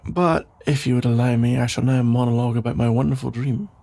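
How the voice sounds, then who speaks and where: A man voicing a caring boyfriend who rambles playfully in a soft sleepy voice, in a whispered role-play. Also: mid-range voice, quick pace, vocal fry, close to an everyday voice. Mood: teasing. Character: caring, rambling boyfriend putting partner to bed. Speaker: ASMR role-play creator.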